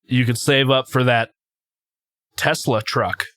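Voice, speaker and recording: A man co-hosting a podcast in casual chat, joking, quick to laugh and opinionated. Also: medium pitch, fairly bright tone, no echo, studio quality. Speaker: podcast co-host.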